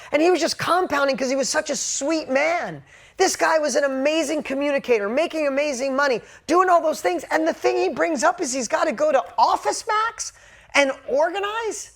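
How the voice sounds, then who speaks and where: Emphatic man telling a motivational story. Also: fast. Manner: emphatic storytelling, casual and blunt; swings from hushed to loud and high when excited. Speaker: motivational speaker. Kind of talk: motivational talk to a group.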